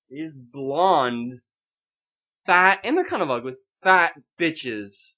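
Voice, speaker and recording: A man's voice: fairly high pitch, expressive, extremely slow, pushed and bright, rough recording. A young man co-hosting a casual podcast, telling a story in a swearing, theatrically upset rant. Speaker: podcast co-host.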